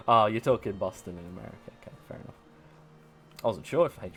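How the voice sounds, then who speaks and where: Animated man chatting on stream. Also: on the low side, a little fast, soft background music. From English Midlands. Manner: chatty, laughs often, reads and answers chat aloud. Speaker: livestream host. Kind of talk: casual gaming livestream chat.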